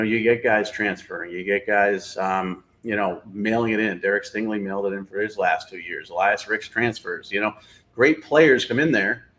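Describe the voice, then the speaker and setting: A man's voice: lowish voice, fairly bright tone. Blunt, opinionated man talking sports. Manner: opinionated, blunt, frequent fillers. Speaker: sports show host. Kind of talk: casual analytical sports talk.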